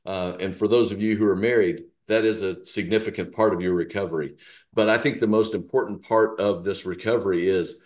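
Low-voiced man plugging an event. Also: a little fast. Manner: steady, promotional, organized. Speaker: podcast co-host. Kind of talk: casual talk with announcements.

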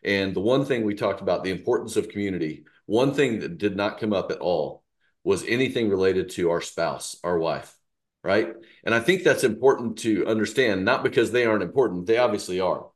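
Man, lowish voice, podcast co-host, steady and promotional. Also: brisk. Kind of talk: casual talk with announcements.

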